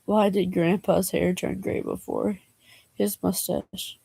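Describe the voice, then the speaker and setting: A woman's voice: on the low side, fairly even intonation, slow pace, gravelly, dark tone, breathy edge, no echo. A young woman vlogger reading jokes aloud in a casual way, laughing and groaning at them and adding slangy asides.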